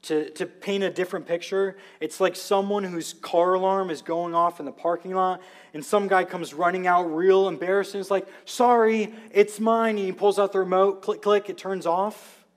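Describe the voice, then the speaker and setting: A man's voice: high voice, level tone, normal speed. A man preaching a sermon, telling the story with emphatic, vivid asides. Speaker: pastor.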